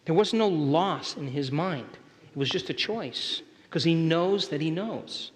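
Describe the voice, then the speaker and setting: A man's voice: fairly high pitch, expressive, unhurried. A man giving a motivational workshop lecture to a live audience, speaking emphatically and often asking whether the listeners are still with him. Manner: emphatic, keeps checking in with the audience. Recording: long hall reverb.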